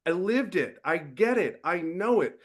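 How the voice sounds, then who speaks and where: A middle-aged man mentors a group in a blunt, preachy motivational talk. His pitch leaps sharply when he hammers a point home. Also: very animated, measured pace, breathy edge. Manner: blunt, preachy, rises to emphatic bursts. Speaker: guest host and mentor.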